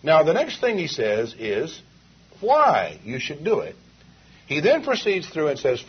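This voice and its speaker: A man's voice: a little high, wildly swooping pitch, a little slow, slightly rough. A male preacher delivering an emphatic sermon full of rhetorical questions, heard on a dull, lo-fi 1980s tape.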